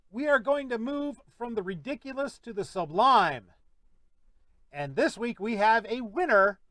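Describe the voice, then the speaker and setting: A man hosting a podcast, hoarse from losing his voice, giving sarcastic, ranting commentary. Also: very high-pitched, lively intonation, measured pace, bright, forceful tone, dry recording. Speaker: podcast host. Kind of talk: opinionated commentary.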